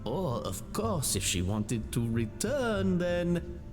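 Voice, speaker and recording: A polite, formal hotel manager. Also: male voice, a little high, very animated, slow. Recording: game audio with reverb and music.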